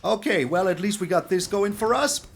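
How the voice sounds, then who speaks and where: A man giving excitable gameplay commentary on a card game, exclaiming and repeating words for emphasis. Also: sits high, normal speed, creaky, a little hiss or hum. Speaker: streamer playing a card game.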